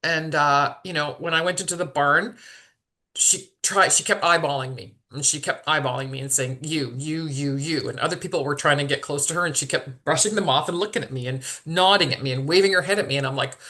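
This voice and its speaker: A woman's voice: low-pitched, a little fast, sharp tone. Hesitant, emotional woman telling her story. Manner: hesitant, repeats words, many fillers and restarts; openly emotional, vulnerable. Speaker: podcast guest.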